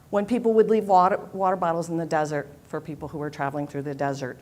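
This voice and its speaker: A woman leading a worship service, telling a children's story gently, with soft repeated refrains. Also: low-pitched, a little fast, a little hiss or hum. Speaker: worship leader. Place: church sanctuary.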